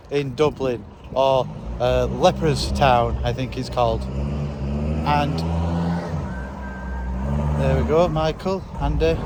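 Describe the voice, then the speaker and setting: A monster truck driver vlogs casually on a handheld camera, chatty and wryly poking fun at himself, outdoors at a show site and on a ferry. His voice is fairly high-pitched, and the recording is very noisy.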